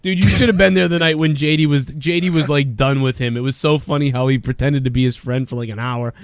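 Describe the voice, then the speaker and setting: A man's voice: mid-range voice, fairly even intonation, fast talker, no room sound, clean studio sound. A man telling a rambling, crude story in casual chat, often mimicking others.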